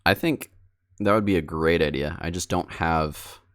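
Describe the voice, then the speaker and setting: A man's voice: low voice, normal speed. A male streamer editing video live, chatting casually and self-deprecatingly with his viewers. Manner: rambling and self-deprecating, talks straight to chat.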